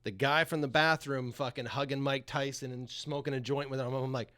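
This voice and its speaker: A man's voice: medium pitch, fairly even intonation, brisk, bright, forceful tone. A young man, a podcast guest, telling a story casually and animatedly, swearing and laughing as he goes.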